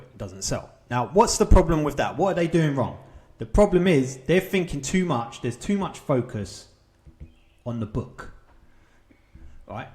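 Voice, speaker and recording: A man's voice: medium pitch, darkish tone. A man coaching viewers on self-publishing in a casual talk to camera, stressing points and checking in with "right?" and "okay?". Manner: emphatic, repeats points with rhetorical checks.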